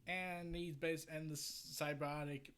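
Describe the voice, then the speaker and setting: A man's voice: fairly high pitch, fairly even intonation, measured pace, fairly bright tone, clear, resonant tone. A man casually reviewing a comic, chatty and a bit stumbling as he summarizes.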